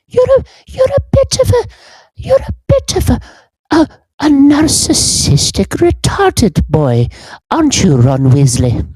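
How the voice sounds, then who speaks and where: A man putting on the voice of a prim elderly British schoolmistress, delivering drawn-out, sweetly scolding insults. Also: extremely high pitch, big pitch swings, a little mellow, dry recording, pitched above the performer's own voice, heavily acted.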